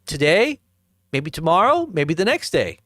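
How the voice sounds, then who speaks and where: A man mockingly imitating a boastful male world leader issuing slow, taunting threats. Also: on the high side, sing-song, bright, forceful tone, dry recording, clean studio sound, voice pushed up, exaggerated voice.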